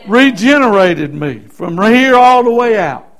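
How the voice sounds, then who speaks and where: A middle-aged man shares his own testimony as a sermon, telling it in an unhurried, folksy, storytelling style. His voice is high for a man and very expressive, moving from hushed, quiet stretches to loud, shouted bursts.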